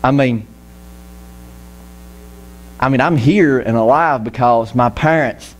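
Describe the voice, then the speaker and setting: A man's voice: medium pitch, slow. A man preaching a casual, joking sermon in church, often acting out the voices of the people he quotes. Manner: lively, jokey, acts out quoted voices. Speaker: pastor. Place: church auditorium.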